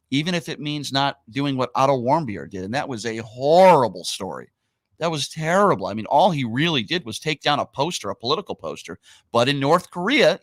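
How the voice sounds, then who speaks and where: A man's voice: medium pitch, a bit bright, dry recording. A man hosting a talk radio show, speaking emphatically and opinionatedly in casual banter, repeating his points.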